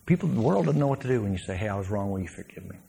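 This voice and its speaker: Animated former football player preaching. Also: male voice, lowish voice, rapid-fire, vocal fry, a little hiss or hum. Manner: storytelling, animated, laughs, shouts punchlines. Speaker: guest speaker, former pro football player. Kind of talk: testimony sermon to a congregation.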